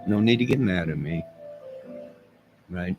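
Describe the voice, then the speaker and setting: A man's voice: sits low, animated, unhurried, dull audio, music in the background. A man talking to his camera in a rambling casual monologue, telling a story with asides and chuckles. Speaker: vlogger.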